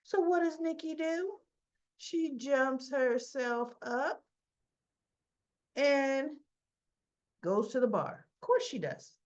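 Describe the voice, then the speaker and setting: A woman's voice: high voice, expressive, takes it slowly, long pauses, highs cut off. A woman hosting a casual soap opera recap, chatty and opinionated, with many restarts.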